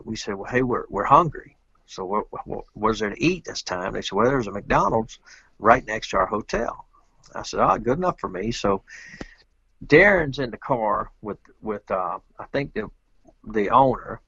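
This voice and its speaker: A man's voice: on the low side, gravelly, a bit bright, breathy edge, no echo, lo-fi sound. A man, a guest telling a rambling, folksy story with loose grammar in casual chat. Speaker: interview guest, pool player.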